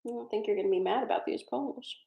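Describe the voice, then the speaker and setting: A woman's voice: a little high, quick pace, creaky, narrow, tinny audio. Woman, tarot reader, casual live-stream chat, digressive, laughs a lot, echoey. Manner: chatty and digressive, laughs often. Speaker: tarot card reader hosting a live session. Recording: roomy echo.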